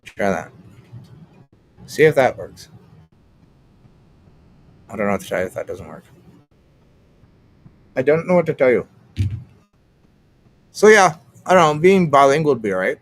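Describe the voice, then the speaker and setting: A man's voice: mid-range voice, very animated, measured pace, pauses often. A young man from Canada rambling casually on a livestream, swearing often and restarting his sentences. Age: young adult. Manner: rambling, profane, trails off and restarts. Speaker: streamer.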